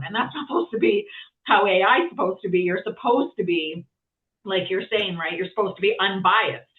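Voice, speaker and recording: A woman's voice: mid-range voice, fairly quick. A woman guest chatting casually, rambling with lots of fillers and restarts. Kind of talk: casual conversation. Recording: tinny phone-like sound from far off.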